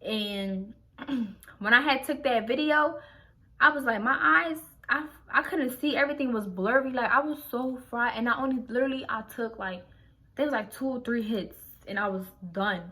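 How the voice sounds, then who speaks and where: Young woman vlogger from Philly, casual storytime, bright and a touch high-pitched, slangy and profane. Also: moderate pace. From Philadelphia, USA. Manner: slangy and profane, heavy use of "like", restarts sentences.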